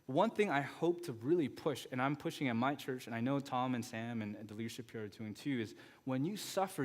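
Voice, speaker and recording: Male guest pastor, 30s, mid-pitched, chatty anecdotal sermon delivery, long sanctuary reverb. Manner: conversational storytelling with frequent asides. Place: church sanctuary.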